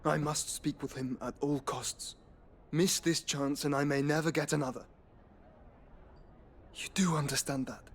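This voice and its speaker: An actor voicing a frail but resolute young nobleman in a video game, speaking low and weak. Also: fairly even intonation, a little slow, pauses often, slight background noise.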